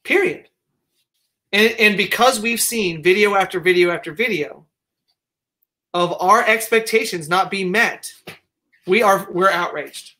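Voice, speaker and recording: A man from the United States hosting a casual discussion, talking in a digressive, halting way with many restarts. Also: sits high, bright, forceful tone. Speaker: host.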